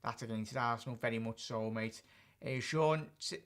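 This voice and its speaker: A man's voice: mid-range voice, normal speed, fairly bright tone. A man hosting a live-stream football chat as a fan channel host, chatting and answering viewer comments directly.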